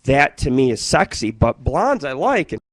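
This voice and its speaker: A man hosting an internet radio show, telling stories in a profane, rambling way and jumping between loud outbursts and muttering. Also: medium pitch, sing-song, moderate pace, no room sound. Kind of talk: rambling live-stream monologue.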